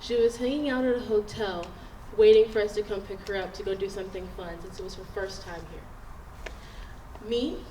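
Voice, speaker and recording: A woman's voice: mid-range voice, fairly even intonation, a little fast, dark tone, a little hiss or hum. A woman telling an earnest, reflective personal story at a story slam. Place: stage in a large hall. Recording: echoey hall, picked up from a distance.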